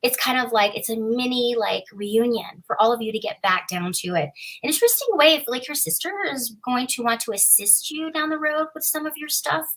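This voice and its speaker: A woman's voice: a little high, brisk, rough recording. A woman giving a live psychic reading, chatty and playful. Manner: chatty, playful, warm reassurance. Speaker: psychic reader.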